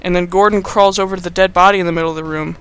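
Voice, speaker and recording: Rambling, bright-voiced man recapping a film. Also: sits high, very fast, clean tone. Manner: rambling, animated, many fillers. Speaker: podcast host.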